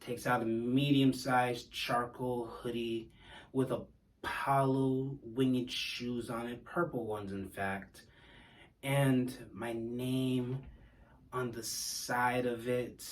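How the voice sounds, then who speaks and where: A man's voice: medium pitch, steady tone, slow pace, far from the mic, rough recording. A man telling a personal story in a casual, wry, self-deprecating way.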